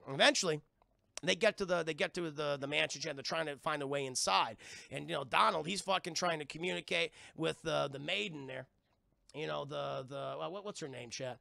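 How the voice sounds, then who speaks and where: Cussing streamer guy recapping a cartoon, gravelly and sharp. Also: on the high side, brisk, no room sound. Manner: profane, rambling, addresses chat. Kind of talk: casual live-stream recap.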